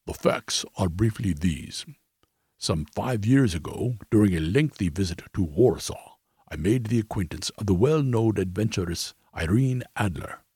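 A man voicing a proud, commanding king in disguise who speaks in stately, forceful, formal sentences. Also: fairly low pitch, lively intonation, measured pace, breathy edge, dry recording, clean studio sound, full character voice.

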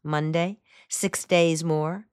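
A woman voicing a spirited young woman who teases with lively, mocking banter. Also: low-pitched, slow, clear, resonant tone, no room sound, studio quality. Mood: teasing.

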